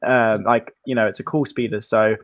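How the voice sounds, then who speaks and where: A man's voice: on the low side, fairly even intonation, normal speed. Musing man on a stream call. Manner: musing, lots of "um" and "quite cool". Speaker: guest on a livestream. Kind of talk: casual chat.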